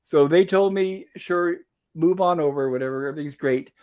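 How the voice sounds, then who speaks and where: A man's voice: fairly high pitch, moderate pace, darkish tone, dull audio. A man hosting a casual livestream chat, telling a rambling story and repeating "I said" as he recounts a conversation. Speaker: host.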